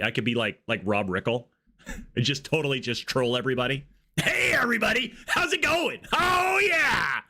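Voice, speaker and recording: Guy streaming games, rambly and joking around, mid-pitched voice, bit of music in the back. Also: a bit bright. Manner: rambling, jokey, goes off on tangents. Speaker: game streamer. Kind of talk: casual live-stream chat while gaming.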